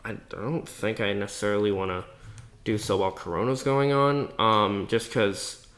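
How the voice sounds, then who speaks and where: Low-voiced calm podcast co-host man. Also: moderate pace. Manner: calm, supportive listener with soft fillers. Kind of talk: casual podcast chat.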